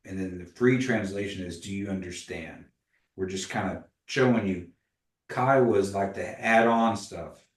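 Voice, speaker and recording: A man's voice: low-pitched, unhurried. Patient man teaching language class. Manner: patient, models pronunciation, tells anecdotes. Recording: echoey room, voice from a distance.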